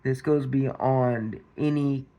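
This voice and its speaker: Male commentary host, unhurried delivery, mid pitch, repetitive rhetorical style. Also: steady tone, dark tone. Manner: repetitive, restarts, rhetorical questions to viewers. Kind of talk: casual commentary monologue.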